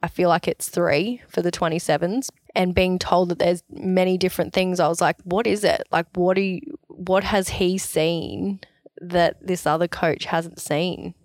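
A young Australian woman, an athlete, telling her story in a chatty, animated way, full of "like" and quoted dialogue. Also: lowish voice, unhurried, dry recording, clean studio sound. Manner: chatty, animated, quoting herself with "like". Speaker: athlete interviewee. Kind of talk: casual storytelling interview.

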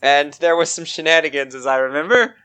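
A man's voice: fairly high pitch, brisk, pushed and bright, smooth. A man acting as game master, tired and joking as he narrates the game casually.

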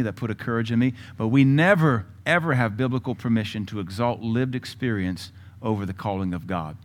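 A man preaching a sermon with a blunt, combative delivery, breaking into loud bursts and mocking asides. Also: medium pitch. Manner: mocking mimicry of other voices. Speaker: pastor.

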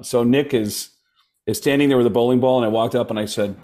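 A man's voice: mid-range voice, quick pace, darkish tone. A man, a comedian guest on a podcast, chatting casually and rambling with many fillers and restarts.

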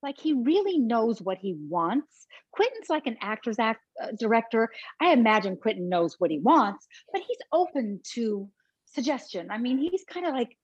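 A woman actress being interviewed, telling lively anecdotes and acting out what others said. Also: a little high, normal speed, husky, no echo, highs cut off. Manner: animated, acts out quotes of others. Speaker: actress and guest. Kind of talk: casual anecdotal storytelling.

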